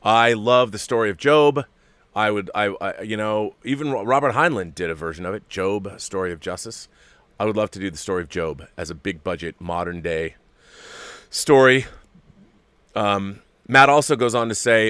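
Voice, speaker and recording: A fairly low-voiced man chats casually as the host of a live stream, reading out and answering viewer messages. He gets excitable and swears freely, sinking to hushed near-whispers and then bursting out loudly. The sound is close and dry, with no room echo. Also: normal speed, smooth.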